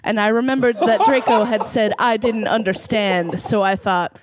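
A woman's voice: mid-range voice, fairly even intonation, moderate pace, hardly any pauses. A woman podcast producer reading a fanfic aloud in mock-dramatic style, laughing between lines with friends.

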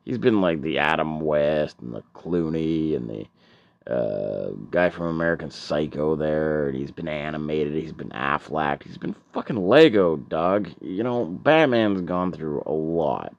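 Male stand-up, deep voice, slow, profane, rambling with stuttered restarts. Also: creaky, darkish tone, no room sound, dull audio. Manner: rambling, profane, stammering repeats. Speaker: stand-up comedian. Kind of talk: stand-up comedy set.

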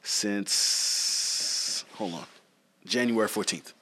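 A young man co-hosting a casual chat, animated, laughing often and repeating phrases. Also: lowish voice, very slow, slight background noise.

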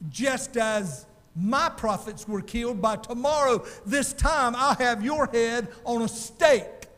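A man voicing a proud, vengeful queen who makes forceful threats. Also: very high voice, big-room sound, full character voice.

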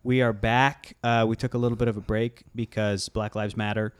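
A man's voice: on the low side, little pitch movement, moderate pace, clean tone, no room sound. A young man hosting a film podcast in a casual chat, rambling and laughing as he talks. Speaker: podcast host.

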